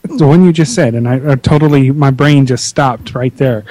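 A man's voice: medium pitch, normal speed, mellow, no room sound. A man co-hosting a casual podcast chat, talking in a rambling, hesitant way with many restarts. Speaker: podcast co-host.

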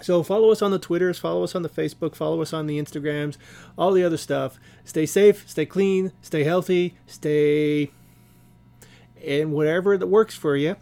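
A man's voice: fairly high pitch, normal speed, creaky, dark tone. A man hosting an online radio show, playfully rambling as game master of an improvised role-play game.

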